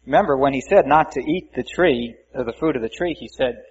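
Male preacher, conversational Bible teacher, slightly raspy voice, dull lo-fi recording. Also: medium pitch, a little fast. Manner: conversational, folksy asides, reads scripture aloud. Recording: muffled lo-fi recording.

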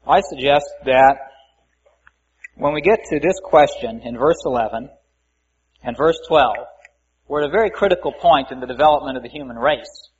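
Male preacher, conversational Bible teacher, slightly raspy voice, dull lo-fi recording. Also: mid-range voice, normal speed, pauses often. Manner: conversational, folksy asides, reads scripture aloud. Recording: muffled lo-fi recording.

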